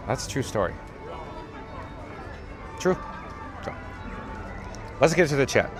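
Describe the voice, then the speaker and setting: A man with a fairly high, expressive voice speaks slowly with long pauses as he live-streams on a handheld phone along a theme park parade route, where faint music and a faint crowd can be heard. Hosting his vlog channel, he chats in a rambling way, jumps between tangents, and reads out comments from viewers.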